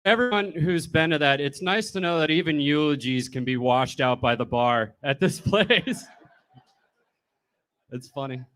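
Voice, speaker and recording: A man's voice: fairly high pitch, unhurried, fairly bright tone, clean tone. Casual man telling a funny eulogy. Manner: casual, swearing, storytelling. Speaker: comedian giving a eulogy. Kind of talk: tearful, humorous eulogy. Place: bar.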